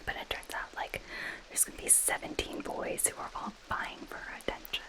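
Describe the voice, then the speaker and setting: A woman's voice: medium pitch, little pitch movement, normal speed, sharp tone, slightly rough, rough recording. A woman in a whispered role-play as a possessive goth girl friend, reading a book aloud and mocking it with dry sarcasm. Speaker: ASMR creator.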